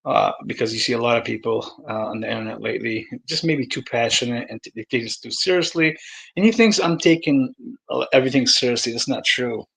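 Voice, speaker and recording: A man hosting a livestream, talking casually and addressing viewers by name, swinging between calm and heated with lots of fillers and some swearing. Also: medium pitch, brisk, vocal fry, low-quality recording. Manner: many fillers and restarts, swears. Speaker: livestream host.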